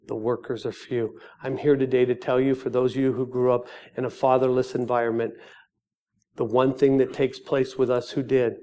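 A middle-aged man giving a sermon testimony, moving from quiet reflection to fast, excited storytelling. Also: medium pitch.

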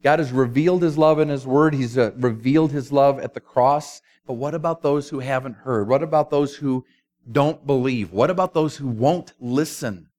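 A man preaching a sermon, telling a story with emphasis and dropping to a quiet voice at times. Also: mid-range voice, moderate pace.

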